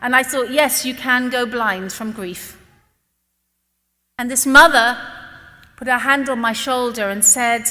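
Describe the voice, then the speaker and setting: Earnest woman giving a religious talk, bright slightly high voice, long hall echo. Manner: earnest, emotional, slows down for emphasis. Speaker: speaker addressing a religious gathering. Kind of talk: impassioned religious talk with personal storytelling. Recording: long reverb of a large hall.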